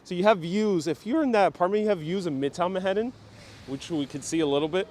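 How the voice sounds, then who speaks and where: A man from New York City, with a voice a bit high for a man, leads a live walking tour outdoors on city streets. He chats easily with viewers, reading their comments aloud and answering them. Faint traffic hums behind him. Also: fast, darkish tone. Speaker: walking-tour livestream host.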